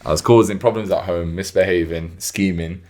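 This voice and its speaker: Young man telling a lively story. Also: deep voice, brisk. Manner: animated storytelling, acts out his mum's lines. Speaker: podcast co-host. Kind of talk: casual chat.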